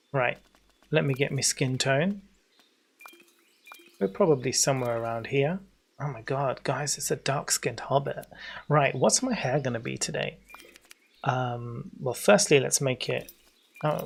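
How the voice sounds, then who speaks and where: A man in his forties with an English accent, chatting casually while livestreaming a game, rambling on and breaking into excited greetings for viewers. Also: medium pitch, unhurried, creaky, husky. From England. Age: 40s. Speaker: game streamer.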